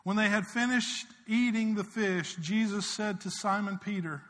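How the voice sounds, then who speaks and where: A man preaching a sermon as pastor. He rises to loud, urgent swells and drops to quiet, intimate passages. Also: high voice, normal speed. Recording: long hall reverb.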